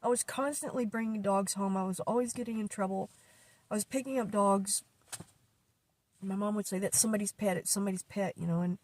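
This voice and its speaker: Older woman vlogger, low mellow voice, halting emotional monologue, dry close sound. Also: dry recording. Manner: halting, emotional, many fillers and restarts. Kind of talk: personal vlog monologue.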